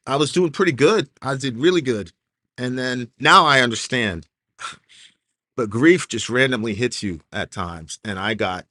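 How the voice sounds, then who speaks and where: A man in an interview earnestly telling a personal faith story, halting and restarting often with "like" fillers. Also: lowish voice, bright, forceful tone, dry recording. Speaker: interview guest. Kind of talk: emotional personal testimony.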